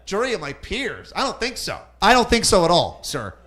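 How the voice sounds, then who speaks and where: A man's voice: high-pitched, wildly swooping pitch, a little fast, fairly bright tone, voice pushed up, full character voice. A man doing an indignant defendant. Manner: indignant, blustering. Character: defiant male criminal addressing a judge.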